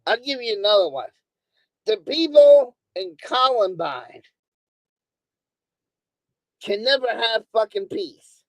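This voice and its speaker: A woman with a somewhat high voice rants angrily into a streaming mic, swearing freely and repeating herself over and over. The sound is dry and close, with no room around her. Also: sing-song, slow pace, pauses often, dry recording, rough recording. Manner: profane, angry, repeats words over and over. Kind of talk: ranting monologue. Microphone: streaming microphone.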